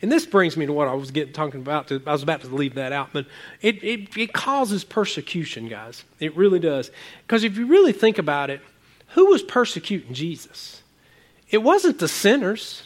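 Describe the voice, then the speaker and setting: A fairly quick-talking pastor with a voice on the high side preaches animatedly, wandering as he goes. He repeats words often and alternates between booming exclamations and quiet asides.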